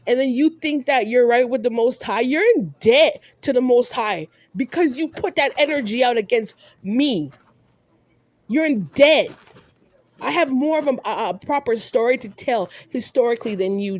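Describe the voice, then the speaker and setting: A woman's voice: high voice, moderate pace, darkish tone, no echo. A woman vlogger delivering a heated monologue, scolding someone directly and repeating herself for emphasis.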